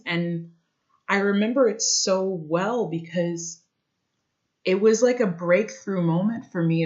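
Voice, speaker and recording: A young woman vlogger telling a personal story in an earnest, reflective way, often pausing to search for words. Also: fairly low pitch. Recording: dull lo-fi sound.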